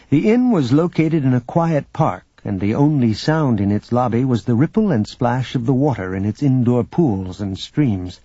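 A man giving a measured scripted narration of a novel. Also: mid-range voice, mellow, slightly rough, no echo, dull audio. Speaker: audiobook narrator.

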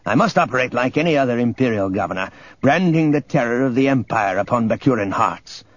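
A man voicing a scheming male imperial governor with smooth, calculating menace. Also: medium pitch, lively intonation, a little fast, dry recording, highs cut off, close to an everyday voice. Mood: coldly threatening.

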